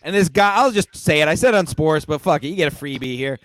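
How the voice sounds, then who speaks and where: A man from Philadelphia hosting a crude comedy podcast, loud and profane, often shouting as he rants. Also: on the high side, animated, fast, no room sound. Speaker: podcast host.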